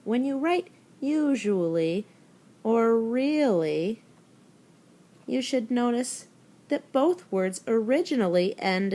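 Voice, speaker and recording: A woman's voice: a little high, mellow. A woman teacher giving a recorded spelling lesson to young children, talking them through words and spelling them out letter by letter. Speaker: elementary school teacher.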